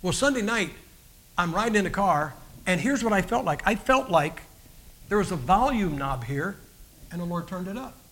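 A man's voice: high voice, lively intonation, normal speed, fairly bright tone. A man giving a personal testimony as a guest preacher, telling his story in an earnest, folksy way with frequent restarts.

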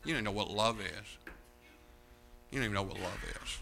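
A man preaching a sermon as pastor, animated and mocking, swinging between loud outbursts and hushed asides. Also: medium pitch, moderate pace, vocal fry, slight background noise.

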